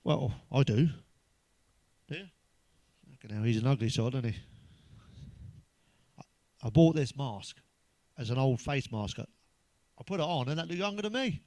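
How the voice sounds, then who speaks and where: An English man doing a stand-up routine of crude, blunt one-liners, full of swearing, who pitches up when he quotes other people. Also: expressive, moderate pace, long pauses, a little mellow, dry recording. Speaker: stand-up comedian.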